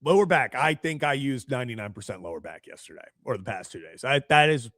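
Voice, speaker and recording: A man's voice: medium pitch, lively intonation, quick pace, a bit bright, no room sound, clean studio sound. A man in his twenties co-hosting a sports talk show, telling a story in easygoing casual chat. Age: 20s. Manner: easygoing, storytelling with many fillers.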